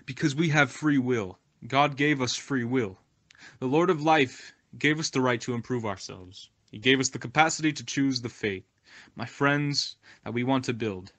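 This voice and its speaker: A man's voice: medium pitch, fairly bright tone. A man reading a translated spiritual message, earnest and exhorting as he draws a moral for his listeners. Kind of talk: devotional talk, read translation.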